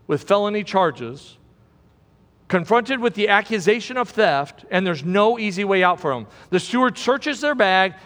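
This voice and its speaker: A man's voice: high-pitched, a bit bright, in a large hall. A man preaching a sermon as pastor, emphatic and repeating key words for stress.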